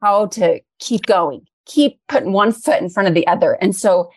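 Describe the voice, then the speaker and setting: A woman's voice: medium pitch, moderate pace, no room sound. A middle-aged woman talking earnestly and with feeling as an interview guest, a little emotional at times. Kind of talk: interview conversation.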